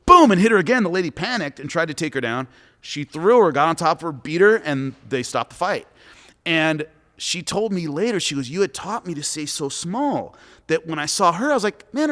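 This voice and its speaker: A man, a former fighter and commentator, giving coaching advice and telling lively stories in a podcast chat, acting out what people said. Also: on the high side, a little fast. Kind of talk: animated storytelling in a podcast chat. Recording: long hall reverb.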